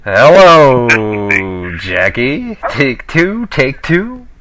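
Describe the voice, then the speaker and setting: Teasing radio host, "dude" at every turn. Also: male voice, mid-range voice, big pitch swings, drawn-out words, noisy background. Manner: teasing, laughs easily, fills with "dude". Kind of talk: casual radio call-in banter.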